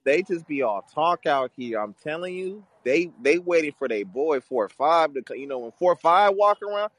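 A man's voice: a little high, animated, normal speed, fairly bright tone, no room sound. A man calling in to a podcast, joking and rambling in loose slang. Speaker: caller. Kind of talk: casual call-in chat.

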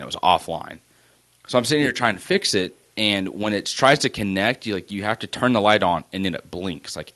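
A young man co-hosting a podcast, telling a long story in casual chat with animated swearing. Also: fairly low pitch. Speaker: podcast co-host.

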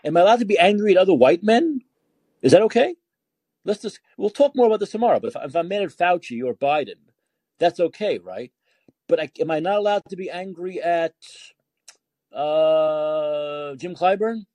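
Animated and a bit high, with a slightly mellow tone at normal speed, a man hosts a call-in show and launches into an indignant rant. He throws out rhetorical questions and repeats words as he heats up, and the audio has no room sound.

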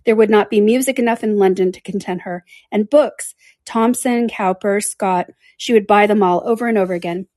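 A woman reading aloud, voicing a reserved, melancholy young man in a quiet, lowered voice. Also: normal speed, no echo, close to an everyday voice. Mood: playful.

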